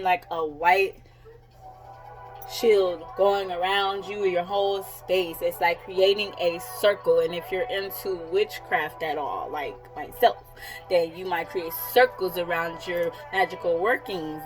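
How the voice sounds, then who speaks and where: A woman in her thirties talks straight to camera as a psychic coach, in a slightly low voice. She is candid and blunt, swears freely and breaks into laughter often. Soft music plays faintly behind her. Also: steady tone, a little slow, low-quality recording. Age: 30s. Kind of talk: casual vlog talk.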